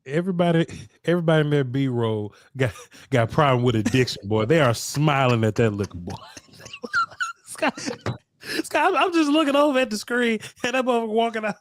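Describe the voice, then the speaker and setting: A man co-hosting a casual sports talk show, excitable and slangy, laughing often. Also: on the high side, normal speed, a little hiss or hum. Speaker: co-host.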